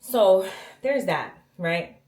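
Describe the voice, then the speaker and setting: Woman vlogger, mid pitch, casual emphatic storytime, roomy bathroom echo. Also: expressive, very slow, darkish tone. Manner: emphatic, talks straight to viewers with frequent "okay?". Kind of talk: casual storytime while cleaning. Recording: echoey bathroom.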